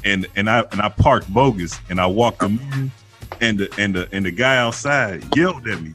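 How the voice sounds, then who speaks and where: A man's voice: on the low side, expressive, normal speed, a bit bright, faint music behind. A man hosting a podcast, telling stories in casual, profane banter and laughing a lot. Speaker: podcast host.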